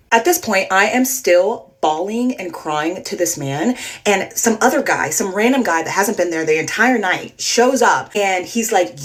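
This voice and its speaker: A young woman telling a storytime vlog, animated and acting out what each person said, dropping "like" throughout. Her voice sits on the lower side. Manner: animated, quoting herself and others, frequent "like".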